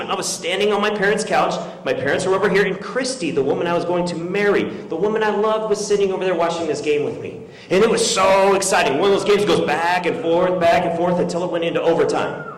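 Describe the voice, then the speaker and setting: A man giving a graduation keynote, telling a story with animated swings between yelling and quiet sincerity. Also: high voice, brisk. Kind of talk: storytelling speech. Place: large hall with an audience. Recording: echoey hall with long reverb.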